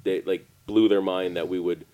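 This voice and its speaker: Male podcast co-host, low voice, joking and teasing in casual chat. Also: steady tone, moderate pace, warm tone. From Canada.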